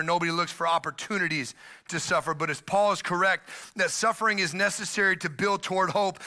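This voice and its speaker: A middle-aged man preaching a sermon as pastor, animated, often acting out the voices of the people he quotes. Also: sits high.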